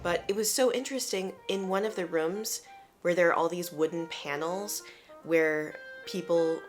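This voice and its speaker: A young woman from the United States telling a travel story in an animated, chatty, self-deprecating way. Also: fairly low pitch, normal speed, soft background music. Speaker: vlogger. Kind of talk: casual storytelling to camera.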